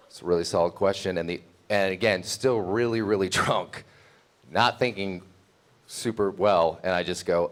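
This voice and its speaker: A man's voice: lowish voice, animated, normal speed, a bit bright. Rambling young man telling a story. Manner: rambling, self-mocking, laughing through the story. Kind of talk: live comedic storytelling.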